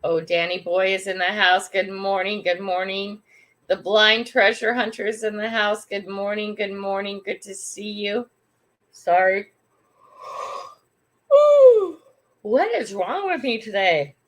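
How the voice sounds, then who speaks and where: A woman's voice: mid-range voice, fairly even intonation, measured pace, fairly bright tone. An older woman hosting a casual morning livestream from home, chatting, greeting viewers by name, and laughing often. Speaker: livestream host.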